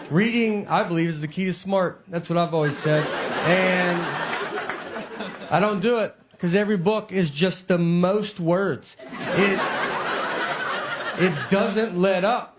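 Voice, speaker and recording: Deadpan man doing stand-up. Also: high voice, unhurried, long pauses, very noisy. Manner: deadpan, self-deprecating storytelling. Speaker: stand-up comedian. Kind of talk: stand-up comedy routine. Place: theater stage before a laughing audience. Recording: live show with audible crowd.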